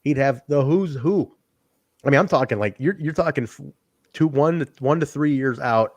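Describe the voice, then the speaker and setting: A man's voice: medium pitch, lively intonation, normal speed, no echo. A man co-hosting a wrestling podcast in casual chat, swearing freely, rambling and laughing often. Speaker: podcast co-host.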